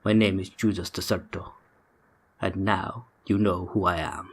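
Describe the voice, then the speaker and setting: A man voicing a sinister old male occultist who tempts the listener with dark power, speaking slowly in a breathy, menacing half-whisper. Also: low-pitched, steady tone, pitched below the performer's own voice.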